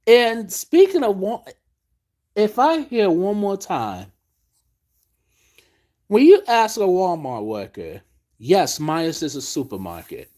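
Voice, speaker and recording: A man's voice: sits high, wildly swooping pitch, slow, pauses often, a little mellow. A man hosting a late-night live stream, ranting in a profane, exasperated way.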